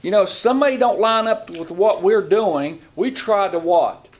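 A man's voice: sits high, moderate pace. A middle-aged man giving a conversational sermon as a lay preacher, folksy, talking in plain informal grammar and often asking the room questions.

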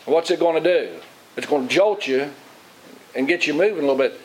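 Middle-aged man as pastor, folksy rambling sermon, slightly high voice, light tape hiss. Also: lively intonation, a little fast, low-quality recording. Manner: folksy, rambling, asks the congregation questions. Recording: faint hiss.

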